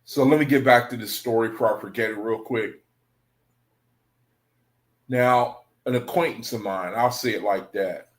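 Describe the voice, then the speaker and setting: A man's voice: mid-range voice, normal speed, pauses often. A man hosting an online study group, talking casually and rambling, repeating himself and calling his viewers brethren. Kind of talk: casual livestream talk to viewers.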